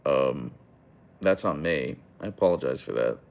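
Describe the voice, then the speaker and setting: A man's voice: extremely low pitch, lively intonation, unhurried, creaky. A young man hosting a casual livestream, reading chat aloud and answering in a rambling, hesitant way with many fillers and restarts.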